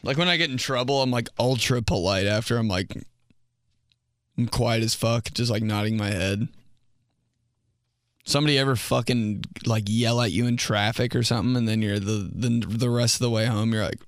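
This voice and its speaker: A man's voice: medium pitch, normal speed, smooth, no room sound. Profane rambling young man, dry mic. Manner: rambling, profane, self-mocking, acts out quotes. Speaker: podcast host and comedian. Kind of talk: casual comedic monologue.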